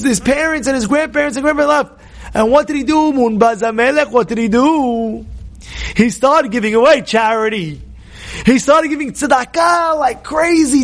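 High-voiced man preaching with emphatic shouts. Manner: emphatic, repeats words, often shouts. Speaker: rabbi giving a lecture. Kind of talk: impassioned Torah talk.

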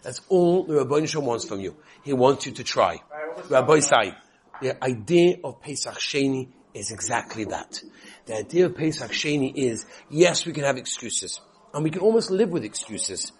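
A man giving a lively Torah lesson, telling stories and addressing his listeners directly. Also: mid-range voice, moderate pace. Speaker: Torah teacher.

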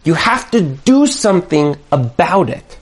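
A man teaching a lively Torah class, repeating his points for emphasis and sprinkling in Hebrew and Yiddish words. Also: on the high side, unhurried, slightly rough. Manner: lively, acts out quoted voices, emphatic repetition. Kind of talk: animated Torah class lecture.

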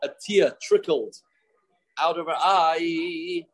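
Man, Talmud teacher, repeats phrases, story-driven lesson, somewhat high pitch. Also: slow pace, low-quality recording. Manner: storytelling, repeats phrases, mixes in Hebrew and Yiddish terms. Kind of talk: daily Talmud class.

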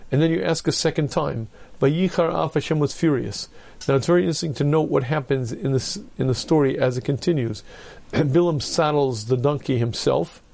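Gravelly-voiced rabbi telling a sermon story. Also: male voice, a little high, darkish tone. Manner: vivid storyteller, frequent throat clearing.

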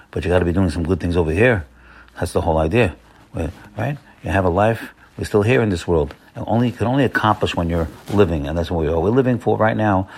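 A man's voice: deep voice, darkish tone. A man giving an earnest, repetitive Torah sermon as a rabbi, coaxing his listeners and sprinkling in Hebrew terms.

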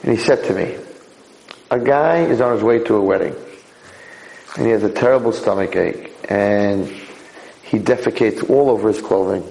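Male rabbi, Torah lecture, animated with sudden high leaps, gravelly tone, roomy hall sound. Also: normal speed, pauses often. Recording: echoey hall.

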